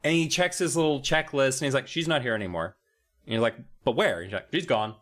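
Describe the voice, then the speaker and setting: A man's voice: mid-range voice, fast talker. A man co-hosting a comedic podcast, retelling a kids' horror book and acting out the characters in goofy voices. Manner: animated storyteller, acts out characters in goofy voices. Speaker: podcast co-host.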